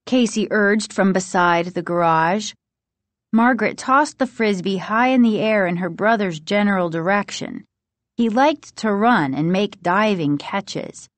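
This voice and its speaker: Woman reading a kids spooky book out loud, slow and expressive, dry close mic. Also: on the low side, no echo. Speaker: audiobook narrator. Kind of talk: storybook reading.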